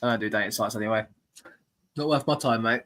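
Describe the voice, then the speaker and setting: A man's voice: on the low side, quick pace, fairly bright tone. A man co-hosting a casual live podcast, with blunt, laid-back banter. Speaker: podcast co-host.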